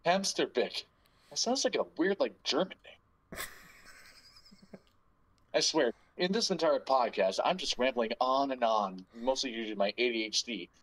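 A man's voice: mid-range voice, animated, a little slow, long pauses, a bit bright, rough recording. Crude, rambling podcast host man. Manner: crude, rambling, joking banter. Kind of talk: casual podcast chat.

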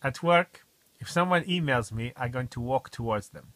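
A man casually vlogging at home, telling rambling stories in a wry, often quiet way. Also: mid-range voice, animated, moderate pace, no echo. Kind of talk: casual diet vlog.

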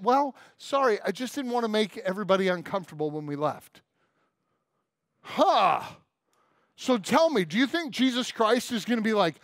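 A male pastor delivers a sermon in a fairly high voice, telling a story and acting out the dialogue. His delivery is emphatic and direct. The sound is dry and close, with little room echo. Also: animated, normal speed. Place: church.

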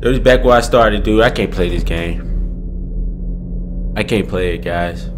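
A man's voice: fairly low pitch, unhurried, a little hiss or hum. A young adult man doing jittery, frightened let's-play commentary on a horror game, muttering nervously to his viewers. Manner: jittery, scared, muttering then screaming. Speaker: gaming YouTuber.

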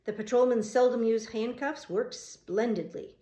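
A woman reading a novel aloud as an audiobook narrator, steady and even, fixing small slips as she goes. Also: medium pitch, moderate pace. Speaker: audiobook reader. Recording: roomy echo.

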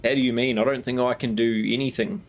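A New Zealand man streams a game late at night, his mid-range voice quick and flat. He's laid-back, chatting casually, teasing his viewers and swearing freely.

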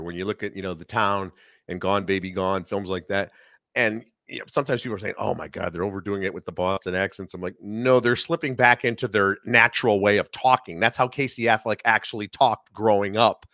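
A middle-aged man with a Chicago accent talks films as a podcast guest, chatty and animated with plenty of asides. His voice sits fairly low and is recorded close and dry, with no room sound. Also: no echo. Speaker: guest film critic. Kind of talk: casual podcast conversation.

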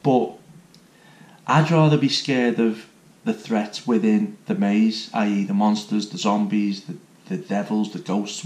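A man's voice: lowish voice, a little mellow. An enthusiastic man, chatting casually as he reviews a theme park. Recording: roomy echo.

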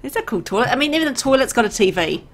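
A woman's voice: on the high side, sing-song, racing. A woman hosting a casual gaming session, chatty and giggly as she thinks aloud while looting. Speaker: let's play host.

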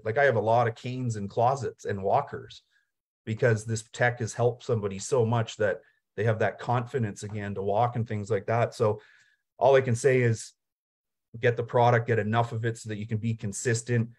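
A man's voice: medium pitch, fairly even intonation, normal speed, a little mellow. A man who is a guest on an online session, talking casually and persuasively in an earnest way, often repeating words. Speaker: guest team member. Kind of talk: casual talk. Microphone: video call.

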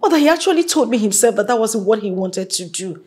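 A woman's voice: fairly high pitch, lively intonation, fast talker, darkish tone, lightly acted. An actress with a Nigerian English accent playing a young woman who argues with her mother and begs to keep the man she loves. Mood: arguing. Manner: pleading, emotional. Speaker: daughter.

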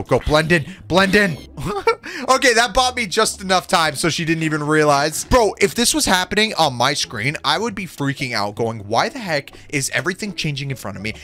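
A young man giving excited, giggly commentary over his gameplay, exclaiming often. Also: on the high side. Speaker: gaming video creator.

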